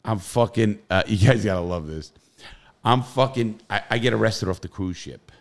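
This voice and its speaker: A middle-aged man telling profane, animated stories in casual podcast chat, with loud bursts. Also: lowish voice, normal speed.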